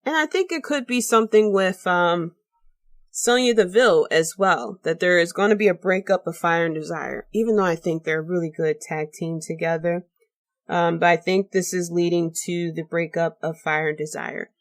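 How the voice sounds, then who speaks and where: Lower-voiced woman hosting a chatty podcast. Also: moderate pace. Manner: chatty and rambling, with many fillers and restarts. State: tired, late at night. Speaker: podcast host. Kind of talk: casual solo podcast talk.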